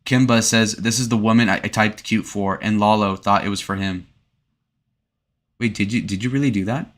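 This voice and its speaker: A man's voice: lowish voice, steady tone, moderate pace. A young man in his twenties streaming casually, rambling with many fillers and restarts while reading chat comments. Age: 20s. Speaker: streamer reviewing his own speed date. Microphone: desk webcam setup.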